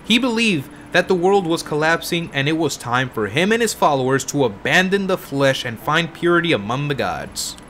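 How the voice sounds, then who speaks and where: A man voicing a weary older woman who was once in a cult, in a tired, husky put-on voice with slow, somber reading. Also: on the high side, very animated, fairly bright tone, a little hiss or hum. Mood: bitter.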